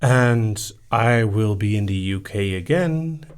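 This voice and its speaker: A man's voice: fairly low pitch, lively intonation, slow, clear, resonant tone. A man hosting a casual live-stream Q&A, reading out listener questions and answering them briefly with light laughs. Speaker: hypnosis host.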